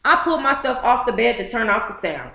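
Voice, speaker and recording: A woman's voice: fairly high pitch, big pitch swings, fast, gravelly, pushed and bright, echoey room, slight background noise. A woman reading a memoir aloud to a live book club chat, emotive and blunt, with profane asides.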